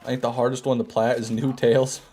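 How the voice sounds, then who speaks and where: A man's voice: mid-range voice, little pitch movement, fast talker, darkish tone, slight background noise. A man streaming a game, chatting casually and joking while he answers viewers' chat. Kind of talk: casual gameplay commentary, reading chat.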